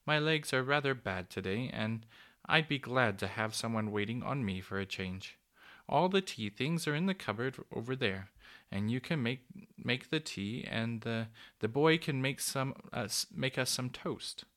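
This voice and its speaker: A man voicing a kindly, lonely old female cuckoo in a storybook, with a soft, cooing, fussy, genteel manner. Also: medium pitch, animated, moderate pace, lightly acted. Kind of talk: storybook reading.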